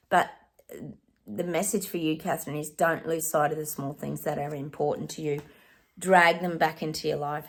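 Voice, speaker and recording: Gravelly woman, chatty psychic. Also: deep voice. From Australia. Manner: chatty, addresses viewers as guys, sings snatches of songs. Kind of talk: casual direct-to-camera reading.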